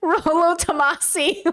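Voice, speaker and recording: A woman streamer reacting to videos chats casually with her viewers on a livestream, giggly and jokey, laughing often and talking to chat. Her voice is extremely high and fairly bright, with a steady tone and a slow pace.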